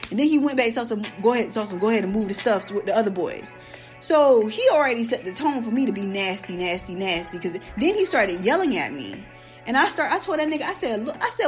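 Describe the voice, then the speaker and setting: A young woman hosting a podcast, telling a story in a casual, animated, profane way and acting out quoted lines. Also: fairly high pitch, fast talker, soft background music. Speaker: podcast host.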